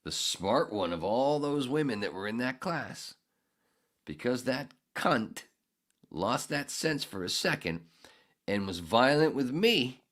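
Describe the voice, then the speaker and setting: A man hosting a podcast who rants angrily and sarcastically, swearing heavily and swinging from mutters to shouts. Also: medium pitch, big pitch swings, a little slow. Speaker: podcast host. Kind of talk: ranting monologue.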